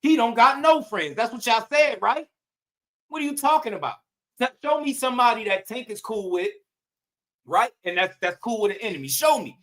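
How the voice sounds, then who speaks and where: A man with a high, bright voice rants in casual boxing commentary. He talks in loose slang, swears freely and fires off one rhetorical question after another. His tone stays heated and combative throughout. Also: animated, normal speed.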